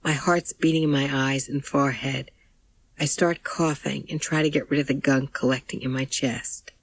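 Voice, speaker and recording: A woman's voice: very deep voice, steady tone, moderate pace, low-quality recording. A woman reading an audiobook in first person, with plain, intimate storytelling. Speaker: audiobook narrator.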